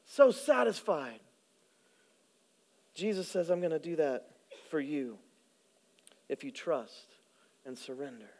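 A male pastor preaching a sermon, swinging between loud emphasis and hushed, low delivery. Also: expressive, slow pace, pauses often.

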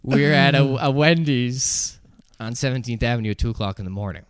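A man in his twenties telling a story on a podcast, animated, acting out other people's voices and laughing as he goes. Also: mid-range voice, a little fast, clear, resonant tone, no room sound. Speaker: podcast co-host. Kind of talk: casual storytelling.

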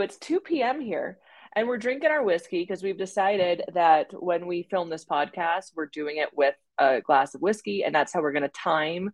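A young woman co-hosting a podcast, chatting casually in a lively, joking way. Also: lowish voice, no room sound. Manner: lively, animated, laughing and joking. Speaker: podcast co-host. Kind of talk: casual chat.

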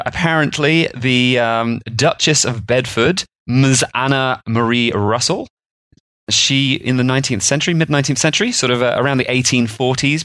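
A man with a mid-pitched voice talks through food history, chatty and loose with plenty of fillers. The sound is dry and close. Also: a bit bright, dry recording. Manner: rambling, chatty storytelling with fillers. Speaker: podcast co-host. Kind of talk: casual explanatory chat.

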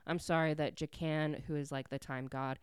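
A woman voicing a confused, apologetic young woman in a book recap, with a smooth voice. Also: low-pitched, little pitch movement, normal speed, no echo, clean studio sound, close to an everyday voice. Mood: earnest.

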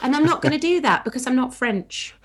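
An English woman co-hosting a podcast chats casually and teasingly, with lots of fillers. Her high-pitched voice is expressive and fairly quick.

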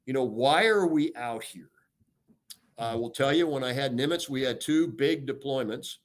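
An older American man, a retired admiral, speaks as a guest in an interview. He talks energetically and emphatically, stressing key words and filling gaps with "you know". His voice sits at an ordinary pitch for a man. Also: normal speed. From United States. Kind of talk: podcast interview. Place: talking remotely from home or office.

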